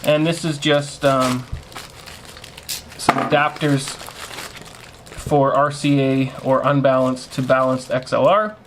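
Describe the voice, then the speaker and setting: A man's voice: medium pitch, fairly even intonation, slow, pauses often, background noise. A man hosting a casual home theater vlog, chatting to viewers as "guys" and teasing what comes next, recorded on a camera mic in his home theater room. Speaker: home theater channel host.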